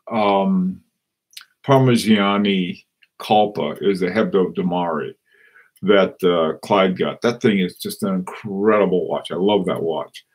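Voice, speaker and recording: A man hosting a casual live stream, chatting and reading out viewer comments in a rambling, halting way with many restarts. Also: on the low side, a little mellow, husky. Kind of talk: casual live-stream chat about watches.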